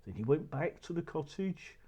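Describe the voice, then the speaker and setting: Expressive male storyteller for a children's tale, lively and husky. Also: on the high side, normal speed. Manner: expressive, animated telling.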